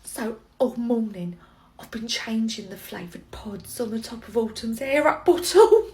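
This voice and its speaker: A woman's voice: a little high, lively intonation, a little slow, dark tone. Woman playing a giggly prankster coworker. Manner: giggly, conspiratorial, breaks into laughter. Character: giggly female nursery worker, mischievous prankster. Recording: roomy echo, faint noise.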